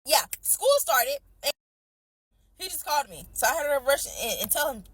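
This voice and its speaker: Young woman, high voice, casual storytime, chatty, slangy. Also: normal speed. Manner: chatty, animated, slangy retelling with fillers.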